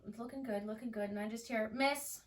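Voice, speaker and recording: A woman's voice: on the high side, quick pace. A woman in her twenties, a teacher and podcast guest, telling classroom stories in casual chat and acting out her students' lines. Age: 20s. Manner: animated storyteller, acts out students' voices. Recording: roomy, a bit far from the mic, faint noise.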